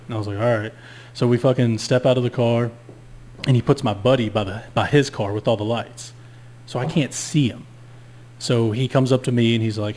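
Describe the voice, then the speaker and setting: A man's voice: mid-range voice, fast talker, a little hiss or hum. Man telling a story with lots of swearing. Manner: animated, profane, acts out both sides of dialogue. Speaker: podcast co-host. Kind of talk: casual storytelling chat.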